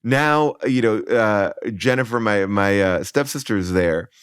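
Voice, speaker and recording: A man's voice: fairly low pitch, unhurried, a bit bright, smooth, no echo, studio quality. A man in his forties, a podcast guest, telling a funny childhood story with lots of fillers and restarts, acting out his own lines. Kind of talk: comic storytelling.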